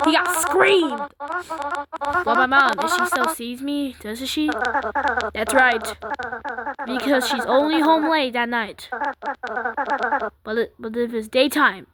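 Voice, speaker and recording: Woman, slightly high voice, slow drawn-out delivery, gameplay commentary, jumpy reactions. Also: heavy background noise. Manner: excitable, gasping and squealing at scares. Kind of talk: let's-play commentary reading game dialogue aloud. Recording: loud game music over the voice.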